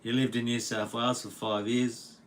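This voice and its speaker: At home, an Australian man hosts a livestream, reading viewer comments in a laid-back, jokey way full of laughs and slang. His voice is mid-range, the delivery flat, the pace moderate.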